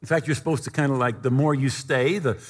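Animated preacher in an echoing hall. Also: male voice, medium pitch, quick pace, husky. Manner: animated, acts out quoted voices in his stories. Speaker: pastor. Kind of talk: sermon with storytelling. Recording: long reverb of a large hall.

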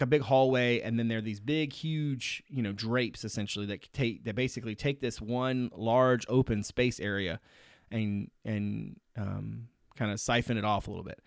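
A man's voice: mid-range voice, no echo, studio quality. Reflective male sports podcast host. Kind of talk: casual chat.

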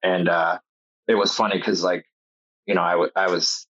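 A man with a very low, husky voice talks in loose, rambling casual chat. He swears freely and slips into sarcasm. The sound is close and dry. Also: little pitch movement, moderate pace, fairly bright tone, no echo, dull audio.

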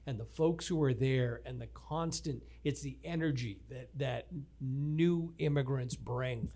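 A man co-hosting an interview show, adding quick joking asides in casual chat. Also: mid-range voice, dark tone. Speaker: podcast co-host.

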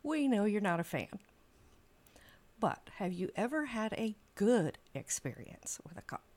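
A woman's voice: medium pitch, sing-song, measured pace, darkish tone. A woman interviewing a rideshare driver, asking questions in a playful, teasing way. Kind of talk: casual podcast interview.

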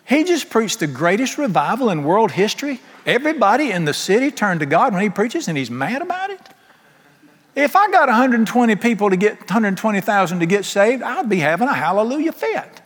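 A preacher with a fairly high voice works through his sermon, joking and firing off rhetorical questions. His voice carries a long reverb, as if it rings through a large sanctuary. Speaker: pastor.

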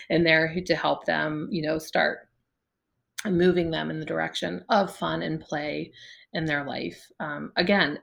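Woman, low voice, vocal fry, chatty podcast guest, laughs a lot. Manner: chatty, laughs often, many fillers. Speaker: physical therapist guest. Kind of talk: casual podcast interview.

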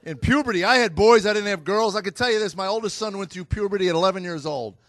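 A middle-aged American man doing stand-up, telling stories about his sons with a deadpan, exasperated delivery to a live audience. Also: sits high, fast talker, no echo. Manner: deadpan storytelling with exasperated asides. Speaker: stand-up comedian. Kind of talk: stand-up comedy routine. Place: stage before a live audience.

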